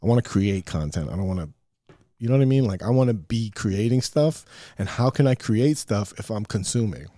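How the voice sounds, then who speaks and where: A man's voice: on the low side, lively intonation, a little fast, warm tone, no room sound, studio quality. A middle-aged man hosting a podcast, rambling through a profane, self-mocking solo rant. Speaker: podcast host. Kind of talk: casual solo podcast monologue.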